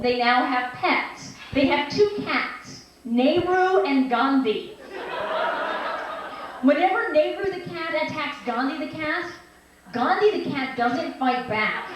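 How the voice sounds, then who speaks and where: A woman in her twenties performing a stand-up set in a small restaurant, delivering deadpan setups and slipping into playful voices. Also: high voice, takes it slowly. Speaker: stand-up comedian. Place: small restaurant venue, live reading night. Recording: echoey room, distant mic, faint noise.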